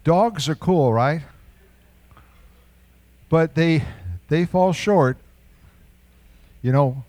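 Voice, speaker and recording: A man's voice: on the high side, very slow, long pauses, darkish tone, no echo. An older man preaching a sermon in a conversational way, asking rhetorical questions and chuckling now and then. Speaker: pastor.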